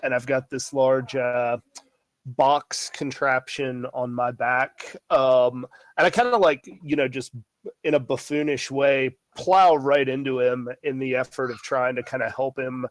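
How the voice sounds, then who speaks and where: A man's voice: mid-range voice, fairly even intonation, measured pace, dry recording. A man playing a tabletop game, eagerly describing what his character does, with fillers. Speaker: player. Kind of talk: casual tabletop game talk.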